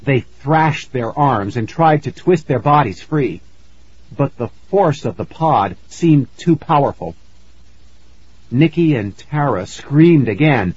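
A man narrates a spooky children's story slowly, letting his pitch rise and fall expressively. His voice has a husky grain. The dry, close recording sounds slightly muffled. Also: darkish tone, dry recording.

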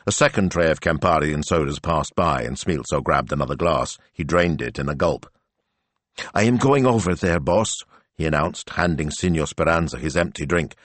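A man narrating an audiobook in a measured, expressive storytelling manner. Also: very deep voice, dry recording.

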